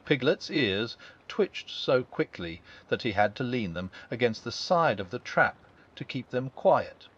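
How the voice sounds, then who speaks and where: A man narrating a children's classic as a calm bedtime audiobook, gentle and expressive. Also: medium pitch, unhurried. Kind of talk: calm bedtime storybook reading. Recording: dull lo-fi.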